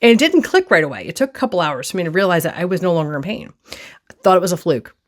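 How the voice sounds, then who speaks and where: A woman telling a personal story on her vlog from her desk, expressive and acting out her own reactions. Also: on the low side, rapid-fire. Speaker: vlogger.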